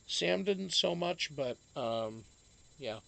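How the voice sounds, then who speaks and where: Slow, gravelly man chatting on a stream. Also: a little high, animated, bright, forceful tone, low-quality recording. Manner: rambling, jokey, swears, talks to chat by name. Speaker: live-stream host reading chat. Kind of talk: casual live-stream chat.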